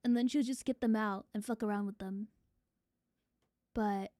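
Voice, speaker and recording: A woman's voice: mid-range voice, steady tone, moderate pace, long pauses, dark tone, dry recording, studio quality. A young adult woman streamer chatting casually to her viewers, swearing freely. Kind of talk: casual live-stream chat.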